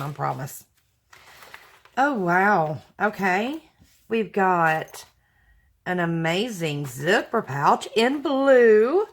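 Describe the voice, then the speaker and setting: Slow-talking, gushing woman. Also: medium pitch, fairly bright tone, a little hiss or hum. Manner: gushing, exclamatory, thankful. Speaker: craft vlogger opening mail. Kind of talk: casual unboxing chat to viewers.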